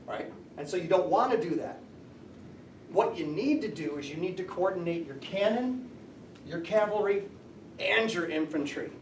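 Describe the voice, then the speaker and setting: High-voiced man lecturing a class. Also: a little mellow, a little hiss or hum. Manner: explanatory, asks the class questions. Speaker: high school history teacher. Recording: echoey classroom from far off.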